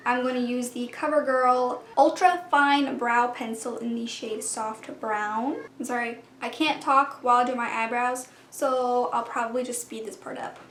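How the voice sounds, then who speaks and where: Young female beauty vlogger, high voice, chatty step-by-step narration, roomy echo. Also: steady tone, normal speed, few pauses, a bit bright. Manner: chatty, narrating each step, with whispered asides. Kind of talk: casual makeup tutorial chat. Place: home room.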